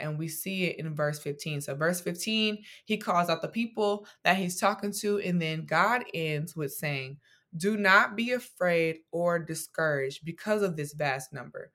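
A young woman hosting a devotional podcast, teaching from scripture in a conversational, animated way with casual slang and playful asides. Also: fairly low pitch.

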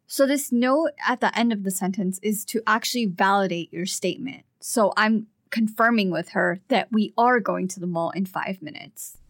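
A woman co-teaching a language lesson, explaining phrases in a measured, patient way. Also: mid-range voice, dry recording, studio quality.

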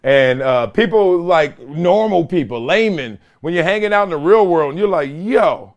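A middle-aged man hosting his own podcast, with a voice a touch higher than most men's. He tells stories emphatically and drives his points home with repeated lines and casual slang. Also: lively intonation, moderate pace. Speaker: podcast host. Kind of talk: solo podcast monologue.

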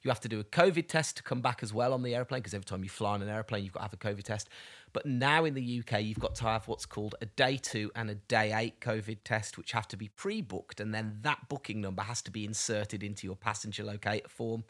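A young man co-hosting a podcast, chatting casually and telling a lively story about his travel day. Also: fairly low pitch, fast talker. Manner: chatty storyteller, animated when excited. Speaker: podcast co-host. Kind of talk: casual chat.

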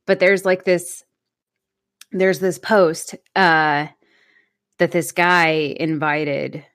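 A woman's voice: lowish voice, fairly even intonation, drawn-out words, a bit bright, no room sound, studio quality. A woman co-hosting a casual podcast chat, rambling through a story and laughing often. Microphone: remote call mic.

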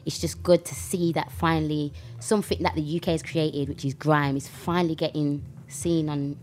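A woman's voice: deep voice, moderate pace. A young woman with a Birmingham accent, a rapper talking animatedly in a casual interview. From England. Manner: animated, with fillers and restarts. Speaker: rapper, guest.

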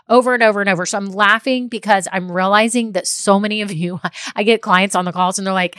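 Upbeat woman business coach, emphatic and repetitive, mid-pitched voice, dry close recording. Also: fast, a bit bright, no room sound. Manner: emphatic and upbeat, repeats key phrases, checks in with "okay?". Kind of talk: motivational direct-to-listener talk.

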